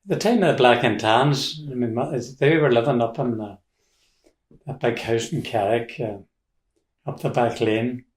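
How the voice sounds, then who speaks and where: A man's voice: medium pitch, moderate pace. An older man with a Donegal accent telling rambling family stories in casual talk, with restarts and chuckles. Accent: Irish, Donegal. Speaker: interviewee. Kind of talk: casual storytelling. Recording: roomy echo.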